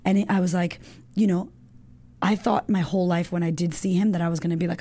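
A woman's voice: lowish voice, steady tone, fairly quick, mellow. A young American woman telling a personal story candidly as a guest, swearing freely and filling her talk with "like". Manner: frank, swears freely, lots of "like". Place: home in Australia.

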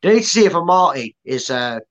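A man's voice: a little high, very animated, fast talker, a bit bright, poor audio. A man co-hosting a casual football prediction chat, playful and rambling, with many restarts. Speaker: podcast co-host.

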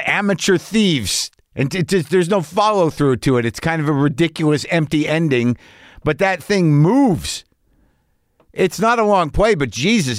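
A man's voice: on the high side, clean tone, dry recording. Rambling middle-aged man, dry close mic. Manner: rambling, self-deprecating, frequent restarts and swearing. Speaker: podcast host. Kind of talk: casual monologue.

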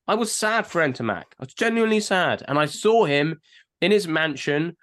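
A man's voice: on the high side, lively intonation, normal speed, fairly bright tone. Blunt, ranting man on a sports podcast. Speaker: podcast co-host. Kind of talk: casual sports podcast chat.

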